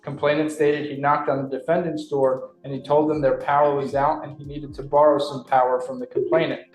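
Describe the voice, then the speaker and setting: A woman's voice: extremely low pitch, little pitch movement, brisk, darkish tone, reverberant, soft background music, low-quality recording. A woman prosecutor reading a police report aloud in a matter-of-fact way at a courtroom hearing.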